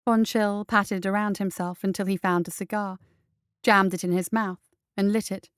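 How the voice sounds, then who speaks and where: Woman reading a story out loud, smooth clear voice, dry close sound. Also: medium pitch, steady tone, moderate pace, no room sound. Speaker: narrator.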